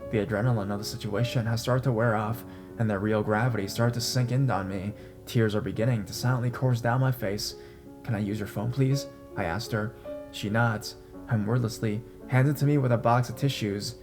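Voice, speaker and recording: A young adult man narrating a horror story in a measured, tense manner. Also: lowish voice. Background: faint guitar music.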